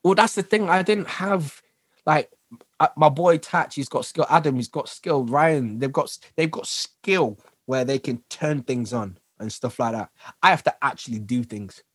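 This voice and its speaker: A man guest on a podcast, telling lively stories, acting out what people said and laughing often. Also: mid-range voice, normal speed, breathy edge, dry recording. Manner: animated storyteller who acts out quotes and laughs often. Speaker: guest, dancer, singer and actor. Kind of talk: casual interview chat.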